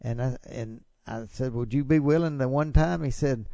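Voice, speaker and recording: Gravelly older host telling a rambling story. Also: male voice, medium pitch, warm tone, dry recording, studio quality. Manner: rambling storyteller, halting with restarts. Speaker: talk show host. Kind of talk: political talk show conversation.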